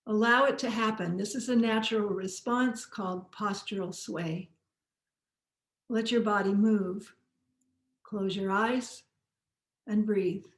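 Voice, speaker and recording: Slow-spoken woman guiding posture exercises. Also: mid-range voice, reverberant. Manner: slow, calm, encouraging cues. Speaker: posture teacher. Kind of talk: guided movement instruction.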